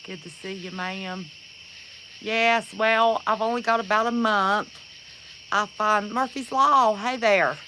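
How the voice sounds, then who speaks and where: A woman hosts a laid-back livestream and greets each viewer in turn. She talks at an unhurried pace in a bright, clear voice. She is friendly and chatty, and she calls people honey. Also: mid-range voice, steady tone, slight background noise, poor audio. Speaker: livestream host. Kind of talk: casual livestream chat.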